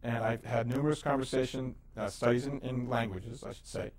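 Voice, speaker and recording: A man's voice: mid-range voice, fairly even intonation, fairly quick, a little mellow. A man teaching the Hebrew alphabet as host, patiently sounding out syllables and explaining letters in an easy, casual way with fillers. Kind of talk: educational lesson.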